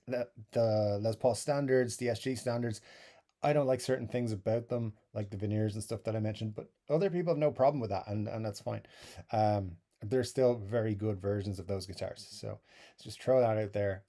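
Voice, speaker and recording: Irish guy hosting a live stream, mellow warm voice, easygoing and joking about himself. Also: mid-range voice. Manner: easygoing, chuckling, self-deprecating asides. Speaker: YouTube live stream host. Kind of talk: casual live stream chat, reading viewer comments.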